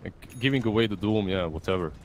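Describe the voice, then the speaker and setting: A man's voice: lowish voice, slight background noise. Easygoing male co-caster. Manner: relaxed, chatty analysis with quick reactions. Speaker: esports co-caster. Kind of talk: live color commentary.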